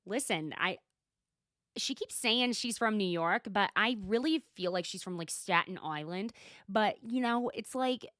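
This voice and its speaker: Lively, sarcastic woman podcast host. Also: mid-range voice, measured pace, no echo, clean studio sound. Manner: chatty, sarcastic, gossipy. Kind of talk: casual solo recap podcast.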